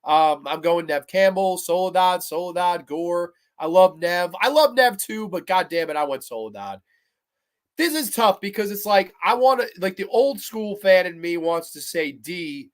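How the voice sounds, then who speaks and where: A man with a high-sitting voice hosts a live stream as a podcast host, talking to his chat in an excitable, profane way while agonizing aloud over picks.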